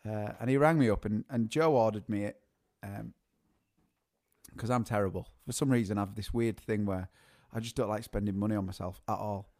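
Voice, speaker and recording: A man co-hosting a live music show laughs through a rambling, casual story, repeating words each time he restarts. He speaks briskly in a lowish voice with a darkish tone.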